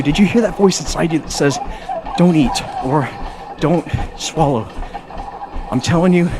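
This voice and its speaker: A man's voice: fairly high pitch, noisy background. A man ranting casually and a bit preachily while gaming on a treadmill. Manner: talkative, preachy, rambling; exercising on a treadmill while talking. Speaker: gaming streamer. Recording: music clearly behind.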